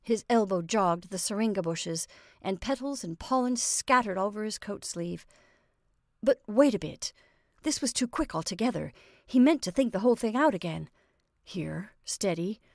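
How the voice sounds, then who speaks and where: A woman narrates a story with a steady mid-range voice, shifting her reading from lively to hushed, almost whispered. The recording is dry and close, with no room sound. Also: mid-range voice, no room sound.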